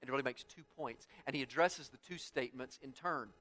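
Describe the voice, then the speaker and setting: A man preaching an expository sermon, building to loud emphatic peaks and dropping back to quiet, repeating phrases for weight. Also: medium pitch, quick pace. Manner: dynamic, swells loud on key points, drops soft after. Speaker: pastor.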